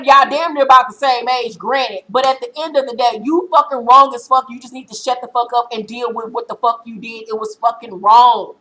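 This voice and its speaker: A woman vlogger in her thirties giving a blunt, profane, animated recap of a reality show episode. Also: on the high side, brisk, hardly any pauses, low-quality recording.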